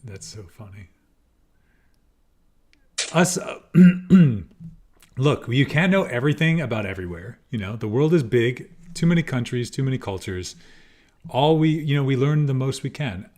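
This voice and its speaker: American man, podcast host, casual chat, thinks out loud, chuckles, middle-pitched. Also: animated, normal speed. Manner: musing, chuckling, thinks aloud. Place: podcast recording in Seoul.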